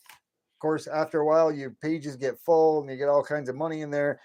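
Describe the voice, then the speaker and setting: A man's voice: on the high side, little pitch movement, fairly quick, a little mellow. A man in his late fifties hosting a late-night livestream, ranting and rambling with many repeats and restarts. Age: 50s. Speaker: livestream host.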